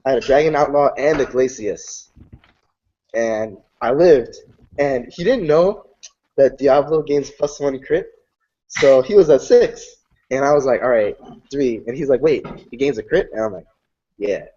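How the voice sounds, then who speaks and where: A man's voice: mid-range voice, a little slow, slight background noise. A young man in casual chat, animatedly recounting card game matches, swearing freely and acting out what people said. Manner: animated storytelling, swears freely, acts out quotes. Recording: dull lo-fi sound.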